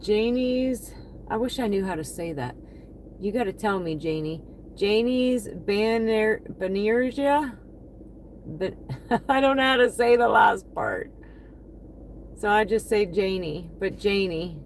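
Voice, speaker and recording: A woman's voice: mid-range voice, unhurried, slight background noise. A woman chatting casually on a livestream, thanking her viewers one by one by name. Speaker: livestreaming delivery driver.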